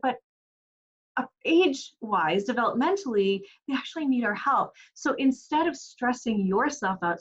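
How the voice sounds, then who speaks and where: A woman's voice: fairly high pitch, breathy edge, muffled recording. A woman in her forties giving parenting advice as a coach, earnest and encouraging, often asking rhetorical questions. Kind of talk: direct-to-camera parenting advice.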